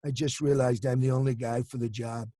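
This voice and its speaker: A man doing an impression of a brash, boastful male tycoon politician, slow and ponderous. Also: medium pitch, little pitch movement, dark tone, no room sound, studio quality, natural voice.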